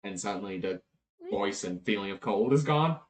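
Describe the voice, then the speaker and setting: A man narrating a tabletop game as game master, in a relaxed, chatty way. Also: lowish voice, normal speed, rough recording.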